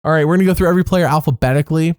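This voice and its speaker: A man's voice: fairly high pitch, racing, dry recording. A man co-hosting a podcast in casual chat, with wry, dry jokes. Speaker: podcast co-host.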